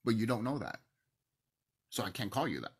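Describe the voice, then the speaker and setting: A man ranting in a passionate monologue to camera, swinging between loud outbursts and hushed near-whispers, emotional and swearing. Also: medium pitch, very animated, brisk, breathy edge. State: emotional, teary. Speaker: video host.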